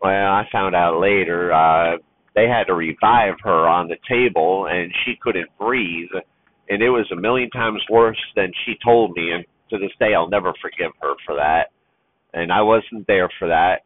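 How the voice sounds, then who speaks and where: A man's voice: low-pitched, normal speed, slight background noise. A man who drives trucks talks heartfelt and near tears about being a father, rambling with restarts. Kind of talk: personal vlog monologue. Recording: tinny phone-like sound.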